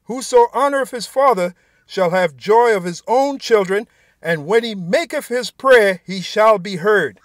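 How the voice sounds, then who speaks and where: A man's voice: high-pitched, expressive, moderate pace, no echo. A man giving an informal sermon, reading scripture aloud and speaking bluntly and profanely, often tacking "man" onto his sentences. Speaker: preacher.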